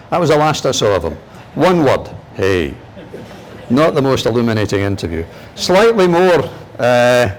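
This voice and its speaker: An older Glaswegian man from Scotland, a guest lecturer and broadcaster, tells funny stories from his career in an anecdotal lecture. He's a lively, animated, humorous storyteller whose pitch jumps for punchlines, speaking in an ordinary male register over slight background noise.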